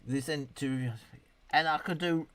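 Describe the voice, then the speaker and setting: A man's voice: on the high side, steady tone, unhurried, fairly bright tone, no room sound. Chatty British man in his fifties. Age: 50s. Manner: chatty, rambling, swears freely, reads chat aloud. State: tipsy. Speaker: live streamer. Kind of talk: casual live-stream chat reading comments.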